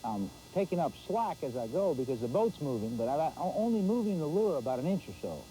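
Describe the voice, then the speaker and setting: A man hosting a fishing show, giving folksy live commentary from a boat on a pond and exclaiming loudly. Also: a little high, very animated, fairly quick, a little hiss or hum, poor audio.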